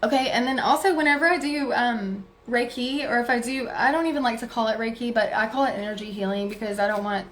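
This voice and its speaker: A woman telling viewers a personal story in a casual, chatty way, full of filler words and soft laughs. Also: a little high, quick pace, hardly any pauses, slight background noise. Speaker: spiritual reader.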